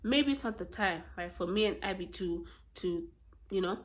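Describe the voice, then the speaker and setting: A South African woman with a South African accent, chatting casually about books she has read in a blunt, expressive way and swearing freely. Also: medium pitch, moderate pace. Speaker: book vlogger. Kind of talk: casual book review chat.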